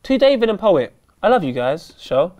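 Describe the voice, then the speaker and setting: A man's voice: high voice, very animated, moderate pace, darkish tone. A young man co-hosting a casual football chat show in a studio, with dry, laid-back banter. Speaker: co-host. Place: studio in London.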